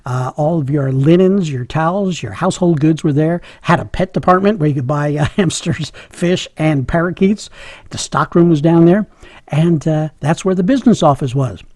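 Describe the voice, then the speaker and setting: A man's voice: fairly high pitch, warm tone, no room sound. A middle-aged man telling a funny personal story, chuckling often and joking at his own expense. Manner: humorous, chuckling, self-mocking.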